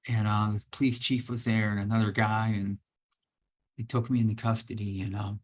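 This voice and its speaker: A man speaks in a low, husky voice, telling his own story as an interview guest. He is emotional and earnest, often repeating phrases and starting over mid-sentence. The delivery is an unscripted personal testimony. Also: level tone, moderate pace.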